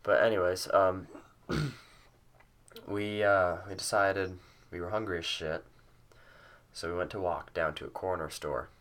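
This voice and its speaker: A man's voice: low-pitched, steady tone, unhurried, long pauses, a bit bright. A young man, probably in his late teens, telling a casual story at home, rambling with lots of fillers and swearing freely. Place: at home with a cat nearby.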